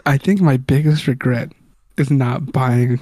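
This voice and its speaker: A man's voice: medium pitch, measured pace, a little mellow, dry recording. A young man from Southern California, co-hosting a casual podcast chat and telling stories in a laid-back, wry way. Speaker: podcast co-host.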